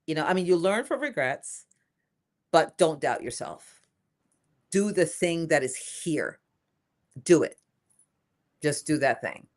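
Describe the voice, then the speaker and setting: Older woman, low voice, emphatic and animated, casual interview guest. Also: slow, long pauses. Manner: lively, emphatic, repeats phrases for emphasis. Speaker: inventor and guest.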